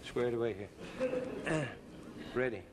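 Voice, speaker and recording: A man's voice: mid-range voice, very animated, extremely slow. Stammering man hosting a vintage variety show. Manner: stammering, hesitant, mock-earnest. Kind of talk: comedy sketch banter. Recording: noisy old TV broadcast.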